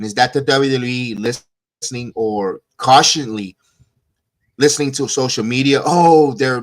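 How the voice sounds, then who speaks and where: A hoarse man co-hosting a casual podcast, rambling and restarting his sentences often. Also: medium pitch, a bit bright. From USA. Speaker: co-host. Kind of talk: casual wrestling podcast chat.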